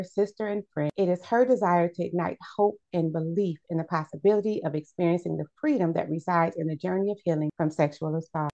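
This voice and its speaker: A woman hosting a podcast interview, introducing her guest and asking questions in an upbeat, lively way. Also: fairly low pitch, lo-fi sound. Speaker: podcast host.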